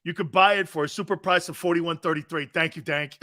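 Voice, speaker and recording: A middle-aged man hosting a casual sports talk show, loud and jokey, bursting into shouts. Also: fairly high pitch, steady tone, fairly quick.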